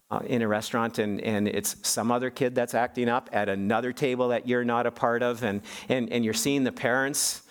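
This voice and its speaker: A man's voice: mid-range voice, level tone, a little fast, smooth. A man preaching a sermon as pastor. He speaks emphatically and often restarts and repeats his words.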